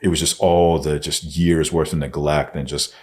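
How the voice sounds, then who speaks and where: A man being interviewed on a podcast, telling a personal story in a blunt, profane way. He often swears and goes soft and hushed when he quotes himself. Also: a bass voice, level tone, normal speed. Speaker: podcast guest.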